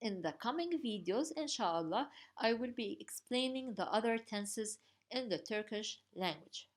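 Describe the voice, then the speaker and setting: A woman's voice: mid-range voice, lively intonation, a little slow. A woman teaching a grammar lesson, patiently spelling out each form step by step. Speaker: language teacher.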